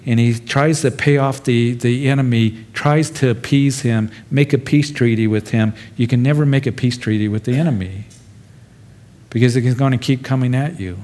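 A man's voice: medium pitch, darkish tone. A pastor giving an expository sermon, talking to his congregation in a plain, conversational way and addressing them directly. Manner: conversational, speaks directly to the listeners.

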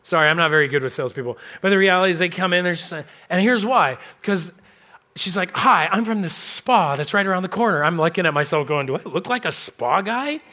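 A man's voice: high voice, expressive, fairly quick, pushed and bright. A man preaching a sermon as pastor, telling a story in a conversational way and acting out the people he quotes. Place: church.

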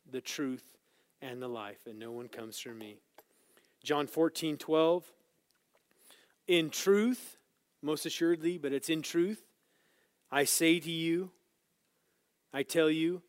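A man teaching a Bible lesson as a sermon, swinging between loud, emphatic scripture reading and quiet, casual asides to his listeners. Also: medium pitch, steady tone, measured pace, clean tone, no room sound. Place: church room with small group.

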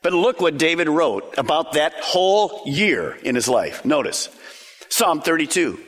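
A man's voice: a little high, very animated, unhurried, fairly bright tone, in a large hall. A male pastor preaching a sermon, emphatic and full of rhetorical questions and lists.

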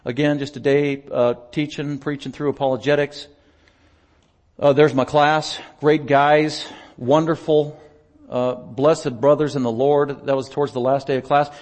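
A male pastor chatting through a slideshow report during a church service, telling stories in an animated way and laughing often. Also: medium pitch, unhurried. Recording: long reverb of a large hall.

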